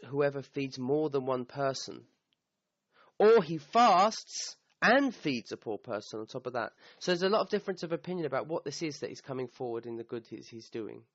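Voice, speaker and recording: A man's voice: mid-range voice, dry recording. A man gives a recorded grammar lesson, walking through each point and checking in with "okay?" as he goes. The sound is a bit dull and dry, with no room around it. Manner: explanatory, checks in with "okay?", quotes Arabic verses. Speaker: Quran teacher.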